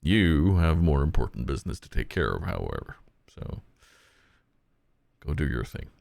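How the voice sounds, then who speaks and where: A man doing a low, solemn warrior brother. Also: big pitch swings, moderate pace, creaky, a little mellow, heavily acted. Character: the player character's protective brother, a grown Norse warrior man.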